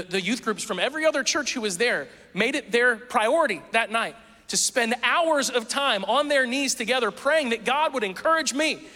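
A man preaching a sermon, telling a story in a casual, self-mocking and animated way. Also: very high voice, long reverb tail. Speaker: pastor.

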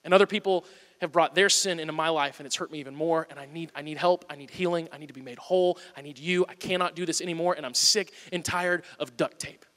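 Pastor, male, high bright voice, earnest sermon delivery, long hall reverb. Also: fairly even intonation, fast talker. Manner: earnest, swings from loud urging to soft pleading. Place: church auditorium.

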